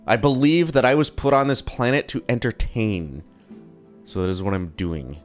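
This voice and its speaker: A young man streaming from home, chatting casually in a rambling, profane, self-deprecating way, his voice a little low from being slightly sick. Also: moderate pace, faint music behind. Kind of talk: casual live-stream chat.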